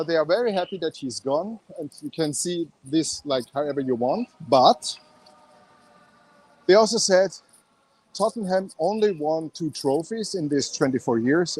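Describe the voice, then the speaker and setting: A man's voice: a little high, darkish tone, no room sound. A man with an Austrian accent chatting casually on a fan phone-in show, talking with many fillers and restarts. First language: German.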